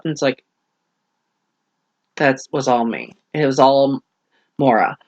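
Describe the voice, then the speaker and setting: A young man rambling through a casual book review, retelling the plot with lively acted-out quotes. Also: mid-range voice, unhurried, long pauses, no echo, highs cut off.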